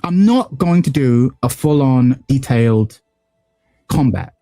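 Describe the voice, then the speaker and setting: A man runs a tabletop game over a call, his voice mellow and warm. The sound is dry and close. He narrates haltingly, with frequent ums and restarts. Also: mid-range voice, lively intonation, no room sound, soft background music. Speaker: game master.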